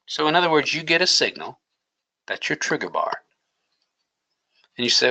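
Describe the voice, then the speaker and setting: A man's voice: on the high side, very animated, moderate pace, long pauses, sharp tone, husky, poor audio. A man teaching a day trading lesson, coaching emphatically and asking rhetorical questions. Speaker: trading educator. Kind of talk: screen-share trading lesson.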